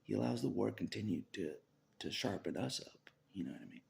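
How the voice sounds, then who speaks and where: Brief: man, vlogger, deep gravelly voice, rambling monologue that slips into whispers. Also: big pitch swings, brisk, darkish tone. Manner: rambling, laughs often, drops into whispers.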